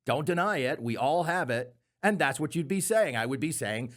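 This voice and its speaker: A man's voice: fairly high pitch, animated, normal speed, hardly any pauses. A man hosting a comedy commentary podcast, arguing his points with sarcastic, mocking asides. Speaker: podcast host.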